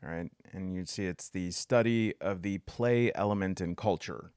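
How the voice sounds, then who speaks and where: Dry-voiced man telling a lively story. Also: moderate pace, clean tone, no echo. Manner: animated, jumps into high excited pitch when riled up; jokey asides, many fillers. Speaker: solo video essayist. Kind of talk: casual storytelling monologue.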